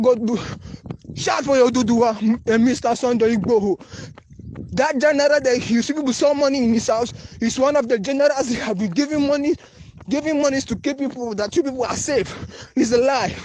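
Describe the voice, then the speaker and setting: A man's voice: extremely high pitch, a little mellow, a little hiss or hum. A man with a Nigerian English accent, making an urgent, repetitive, pleading appeal in a phone voice note. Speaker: anonymous voice-note caller. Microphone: phone voice recording.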